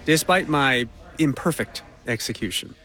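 A male reporter narrating a news feature in a measured, conversational way. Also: medium pitch, animated, pushed and bright, a little hiss or hum.

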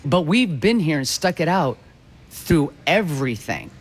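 A man's voice: a little high, very animated, unhurried, husky. A man who owns a restaurant, interviewed and speaking proudly and emphatically. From Detroit. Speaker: restaurant owner.

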